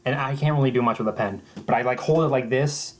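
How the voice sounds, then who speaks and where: A young man telling a mock-serious story in a halting, deadpan way, often restarting his sentences. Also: mid-range voice. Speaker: vlogger.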